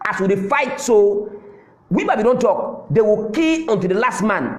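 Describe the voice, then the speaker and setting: A man's voice: sits high, animated, normal speed, reverberant. A man from Southern Cameroon with a Cameroonian Pidgin English accent, giving a fiery political address and hammering his points home with repetition. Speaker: political commentator.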